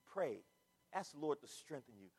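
An older man preaching a sermon in a church, animated, full of rhetorical questions and repetition. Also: a little high, normal speed, long reverb tail, a little hiss or hum. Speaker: pastor. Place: church sanctuary.

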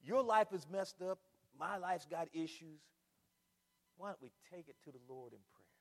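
An older man preaching a sermon in a church, animated, full of rhetorical questions and repetition. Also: high voice, normal speed, in a large hall. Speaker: pastor. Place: church sanctuary.

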